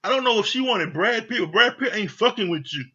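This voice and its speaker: Man ranting bluntly in a high, bright voice. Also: expressive, fairly quick, slightly rough, highs cut off. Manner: blunt, exasperated and mocking. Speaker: TV show reviewer. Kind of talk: casual profane rant.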